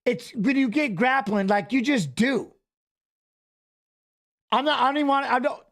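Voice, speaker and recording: A man co-hosting a casual live-stream watch-along, excitable and joking, laughing often. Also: very high voice, normal speed.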